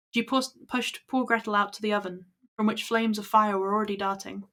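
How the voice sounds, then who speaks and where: A woman's voice: medium pitch, fairly even intonation, a little fast, sharp tone. A woman reading old fairy tales aloud to her stream at an easy pace, with small slips. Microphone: laptop built-in mic.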